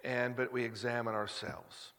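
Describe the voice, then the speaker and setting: A middle-aged male pastor gives a sermon in an easy, confiding tone, stumbling and restarting before pushing words out with sudden emphasis. His voice sits at an ordinary pitch for a man. The sound rings out with the long reverb of a large hall. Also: flat delivery, moderate pace, fairly bright tone. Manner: conversational and confessional, many restarts, rising to emphatic peaks.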